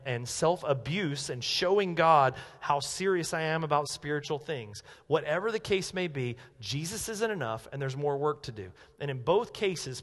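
A man with a high-pitched voice preaches a sermon, animated and emphatic, dropping low and then rising to loud declarations. His voice carries a long reverb from a church sanctuary. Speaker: pastor.

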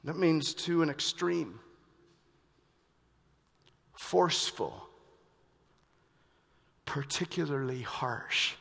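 A male pastor preaching a sermon, moving between hushed reflection and loud, urgent emphasis. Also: on the high side, very slow, vocal fry, long pauses, breathy edge. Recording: long reverb of a large hall.

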